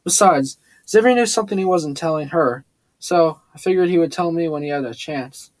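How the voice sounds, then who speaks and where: A man reading a first-person story aloud, steady with occasional slips and restarts. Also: on the high side, fairly quick, no room sound. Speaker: audiobook narrator. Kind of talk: first-person audiobook narration.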